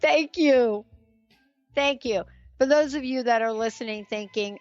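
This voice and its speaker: A woman's voice: a little high, takes it slowly, darkish tone, dry recording, highs cut off, soft background music. A woman with a New York accent hosting a talk radio interview, enthusiastic and chatty, laughing easily. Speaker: radio show host.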